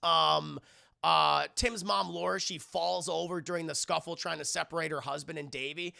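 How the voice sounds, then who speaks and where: A man streaming live, recapping a movie in a casual, animated, profane way and talking to his chat. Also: a little high, moderate pace, gravelly.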